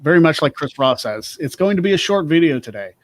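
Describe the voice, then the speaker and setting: A man's voice: a little high, expressive, fast, no echo. A man hosting a casual talk show, reading out odd laws and joking about them. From Pennsylvania. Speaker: podcast host. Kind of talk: casual chat.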